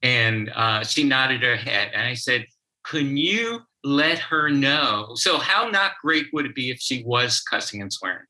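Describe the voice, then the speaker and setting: A man tells a story from his work as a therapist in a podcast interview. He speaks slowly and stops often to restart his sentences. His voice sounds very bright and edgy. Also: mid-range voice, expressive, low-quality recording. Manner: slow, halting, with many restarts. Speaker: guest, child therapist.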